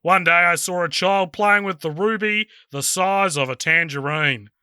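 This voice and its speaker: A man's voice: high voice, normal speed, bright, forceful tone, clear, resonant tone, dry recording, clean studio sound. A man with a New Zealand accent voicing an older male butler, telling a story with mock solemnity as a comic podcast impression.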